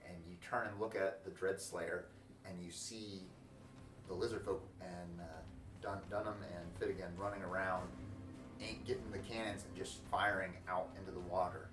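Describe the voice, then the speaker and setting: A lower-voiced man runs a tabletop game, narrating in a halting, casual way full of restarts. He sounds far from the mic in an echoey room, with noise under him. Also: fairly even intonation, over music. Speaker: dungeon master.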